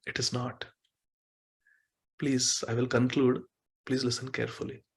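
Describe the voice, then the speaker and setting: A man giving a devotional sermon who acts out quoted dialogue with emotion, often pleading and slowing down on key words. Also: mid-range voice, monotone, gravelly, breathy edge. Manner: emotive, pleading when voicing quoted lines, stretches words slowly. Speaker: speaker giving a devotional class. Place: temple hall.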